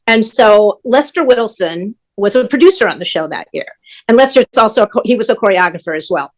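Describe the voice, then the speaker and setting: An older woman, a stage manager appearing as a guest, trades backstage anecdotes in relaxed conversation. Her voice sits at medium pitch and moves fairly quickly, and she animatedly acts out what other people said.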